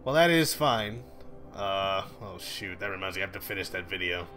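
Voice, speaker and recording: Bright-voiced man chatting on stream. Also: sits low, normal speed, faint music behind. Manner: joking, animated, trails off while focused. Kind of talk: casual chat while working.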